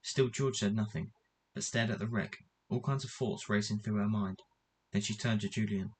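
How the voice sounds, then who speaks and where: Man, storybook narration, measured, fairly low voice, faint hiss. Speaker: reader. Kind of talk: storybook reading aloud.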